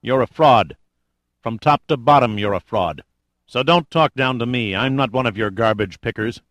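A man's voice: medium pitch, moderate pace, fairly bright tone, dry recording, natural voice. A male narrator voicing a defiant, sarcastic male adventurer who talks bluntly and casually.

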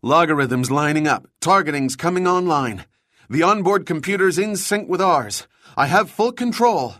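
A man voicing an excitable young weapons officer. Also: fairly high pitch, dry recording, studio quality, pitched above the performer's own voice, natural voice. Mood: triumphant. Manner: eager, rapid technical talk.

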